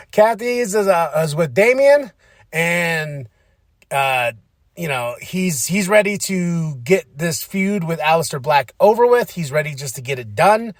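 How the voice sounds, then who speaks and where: A young adult man giving a casual, animated recap of a wrestling show as a podcast host, slipping into playful impressions. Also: on the high side, normal speed, dry recording, studio quality. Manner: animated, slips into playful impressions and sing-song bits.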